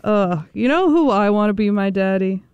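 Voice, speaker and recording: Smooth high-voiced man, playful chat. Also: lively intonation, normal speed, a little mellow, no room sound, muffled recording. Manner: playful, laughing easily. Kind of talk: casual chat.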